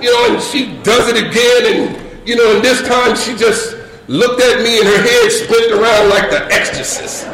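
A man's voice: very high-pitched, normal speed. A middle-aged man telling a humorous personal story at a recovery meeting, acting out scenes and peppering his talk with "you know.". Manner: animated, acts out scenes, many "you know" fillers. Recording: echoey room with faint crowd noise.

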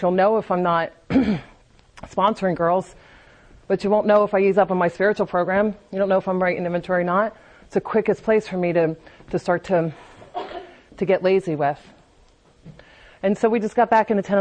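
A woman's voice: medium pitch, a little mellow. A woman speaking candidly at a recovery meeting, giving a confessional personal testimony and often restarting her sentences.

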